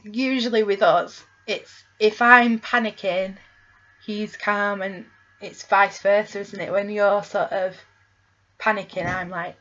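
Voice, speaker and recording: Brief: woman vlogger, chatty and rambling, many ums, mid pitch, dull home-video sound. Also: fairly even intonation, a little slow, fairly bright tone. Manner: chatty, rambling, lots of ums and tag questions. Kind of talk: casual chat.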